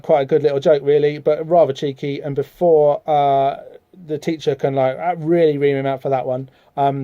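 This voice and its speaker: A man's voice: mid-range voice, dark tone, no echo. Chatty man, muffled sound. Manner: rambling, chatty, many fillers, reads out dialogue in voices. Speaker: podcast host. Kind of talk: casual comic-book discussion.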